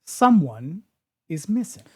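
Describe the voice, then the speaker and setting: A podcast co-host chats casually, blunt and opinionated, joking and swearing with ease. The pitch is mid-range but very lively, rising and falling freely. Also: takes it slowly, breathy edge. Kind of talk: casual chat.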